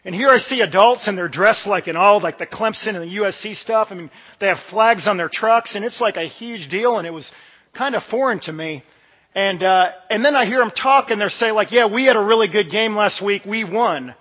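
High-voiced pastor in a reverberant hall. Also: male voice, a little fast. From Washington DC area, US. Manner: conversational, storytelling with asides. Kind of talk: sermon. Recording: dull sound with long hall reverb.

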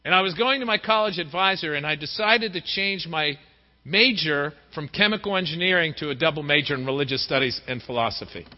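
Middle-aged male preacher, high-pitched and expressive; muffled sound with long hall reverb. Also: brisk. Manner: lively, acts out quoted voices. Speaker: pastor. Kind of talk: sermon. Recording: dull recording in a reverberant hall.

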